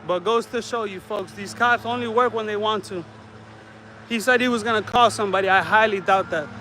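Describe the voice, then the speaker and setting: A man's voice: high-pitched, fairly quick, bright, forceful tone, slight background noise, low-quality recording. A man walking his neighborhood outdoors, talking casually and ranting with plenty of profanity in the heat. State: sweating in the heat. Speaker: vlogger.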